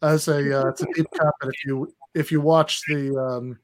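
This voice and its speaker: A man's voice: a little high, fairly even intonation. Rambling, hesitant man on a podcast. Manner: rambling, hesitant storyteller with many pauses. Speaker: podcast co-host. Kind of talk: casual podcast chat.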